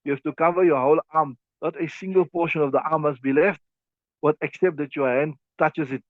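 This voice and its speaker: Man teaching a class, fairly high voice, dry close sound, tinny phone-like audio, repeats himself, shows moves. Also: steady tone, brisk, no echo. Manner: repetitive, demonstrating with his hands. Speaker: teacher of Islamic law. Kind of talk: classroom lesson explaining a text. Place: class also streamed online.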